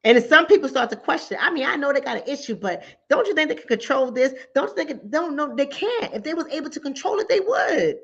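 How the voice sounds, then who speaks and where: A woman hosts a mental health talk show, her high, slightly bright voice expressive and quick with few pauses. Emphatic and informal, she repeats phrases to drive points home and acts out callers and her own replies in conversational commentary, on a dull lo-fi recording.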